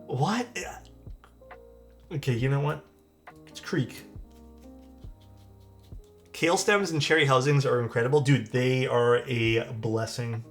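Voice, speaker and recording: A man with a Canadian accent chatting casually on a live stream, answering viewers' questions about keyboard parts. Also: mid-range voice. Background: faint music.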